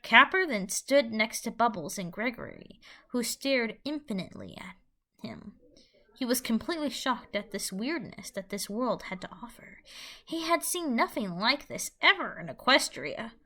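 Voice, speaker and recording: A woman narrating a fan audio drama in an animated storybook manner. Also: fairly high pitch, moderate pace.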